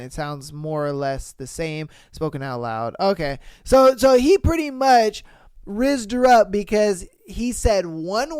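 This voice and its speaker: A man hosting a podcast, reading listener posts and reacting in a slangy, profane, animated way. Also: sits high, smooth, no room sound, studio quality. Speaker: podcast host.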